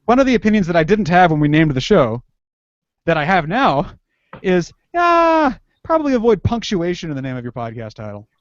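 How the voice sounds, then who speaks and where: A young man with a voice on the high side talks fast and very animatedly as a podcast guest. He chats casually, rambling, restarting his sentences and laughing often, in a dull lo-fi recording with no echo.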